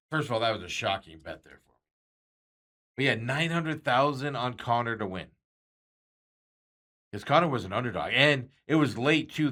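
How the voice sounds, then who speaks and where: With a medium-pitched, pushed and bright voice, this man hosts a sports talk show, rambling casually about bets. He reads out viewer comments and chuckles often.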